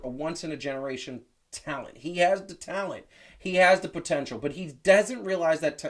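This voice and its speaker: A host on a casual sports talk show, arguing his points emphatically. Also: mid-range voice. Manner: emphatic, animated, argumentative.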